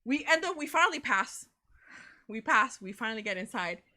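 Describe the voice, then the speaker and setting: A young woman, co-hosting a casual chat and telling a story in an animated way, swearing freely and saying "bro" a lot. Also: fairly high pitch, moderate pace. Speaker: co-host of a reaction channel.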